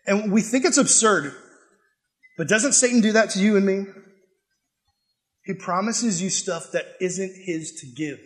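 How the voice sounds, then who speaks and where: A man's voice: high voice, moderate pace, a bit bright. A man preaching a sermon, emphatic and conversational, with frequent rhetorical questions. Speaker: pastor.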